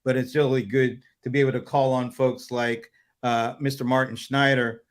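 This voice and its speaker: A man's voice: mid-range voice, level tone, normal speed. A man hosting a casual livestream chat over a video call, rambling with many fillers and chuckles. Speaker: host.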